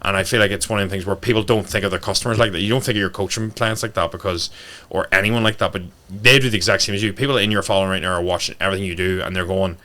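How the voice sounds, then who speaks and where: A man's voice: fairly low pitch, racing, sharp tone. A man, a fitness coach guesting on a podcast, talking bluntly and swearing freely. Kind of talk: casual podcast talk.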